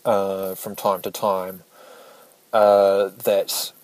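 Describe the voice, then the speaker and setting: A man telling a personal story while driving, in a rambling, halting way full of restarts. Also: deep voice, monotone, darkish tone, no echo, low-quality recording. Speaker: vlogger. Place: inside a moving car. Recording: car noise in background. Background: vehicle noise.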